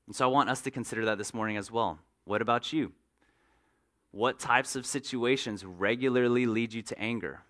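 A man's voice: medium pitch, a little fast, fairly bright tone. A man preaching a sermon as pastor, earnest and direct, sometimes acting out everyday moments to make a point.

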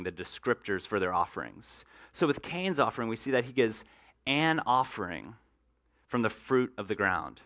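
A man's voice: mid-range voice, fairly bright tone. A man preaching a sermon as pastor, earnest and direct, sometimes acting out everyday moments to make a point.

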